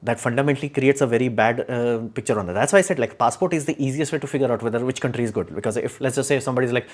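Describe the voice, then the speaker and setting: A man speaks off the cuff on a live stream, his voice sitting at an ordinary middle pitch. He is opinionated and rambling, with frequent fillers and restarts. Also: very fast, hardly any pauses. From India. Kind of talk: casual live stream talk.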